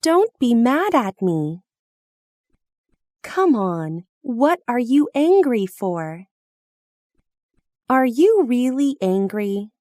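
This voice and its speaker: Very slow, lively high-voiced woman. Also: dry recording, clean studio sound. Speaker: phrase reader. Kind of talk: slow, careful reading of practice phrases.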